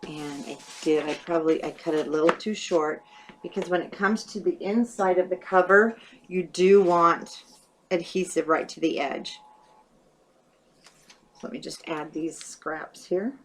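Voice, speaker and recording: With hiccups interrupting her, a woman whose voice is on the low side chats through a paper craft, thinking aloud step by step. She's a craft tutorial host, heard over slight background noise.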